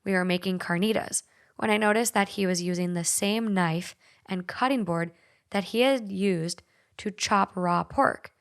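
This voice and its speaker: A woman's voice: mid-range voice, unhurried. Frank, chatty woman podcast host. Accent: Minnesotan. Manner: frank, swears freely, chatty. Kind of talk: casual podcast chat and story reading.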